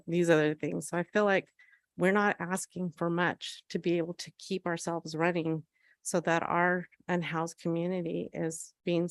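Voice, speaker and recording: Woman pleading at a council mic, low flat voice, shaky and earnest, dry sound. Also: no echo. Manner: emotional, earnest, halting with fillers. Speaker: homeless shelter program manager. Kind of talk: public comment at a council meeting.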